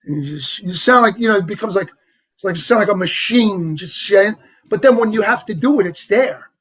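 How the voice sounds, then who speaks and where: A man with a heavy New York accent, talking as a guest in a casual interview, animated and rambling with lots of "you know" and "like". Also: high-pitched, a little fast, husky. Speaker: actor guest.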